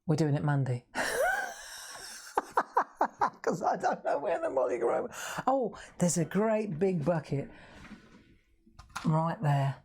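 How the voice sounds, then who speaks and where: A woman's voice: deep voice, very animated, takes it slowly, pauses often, dark tone, slightly rough. A middle-aged woman with a Southern English accent, hosting a live craft demonstration in a chatty, self-mocking way and laughing often. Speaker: craft show host. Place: craft room.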